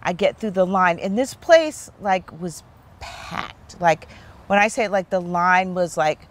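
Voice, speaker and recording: A woman in her fifties, a therapist hosting, telling a personal story in a relaxed, animated chat. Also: lowish voice, a little slow. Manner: chatty, animated storyteller with many "like"s. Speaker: therapist and host.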